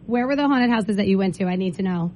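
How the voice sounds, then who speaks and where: A woman's voice: medium pitch, fast, a little mellow, a little hiss or hum. A young woman hosting a morning radio show, chatty and teasing as she talks with callers in a studio. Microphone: studio mic.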